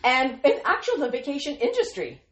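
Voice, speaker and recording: A woman's voice: sits high, huge pitch swings, moderate pace, a little hiss or hum. Woman, devotional podcast host, earnest and encouraging, playful quoted voices, echoey room. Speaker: podcast host speaking to Christian women.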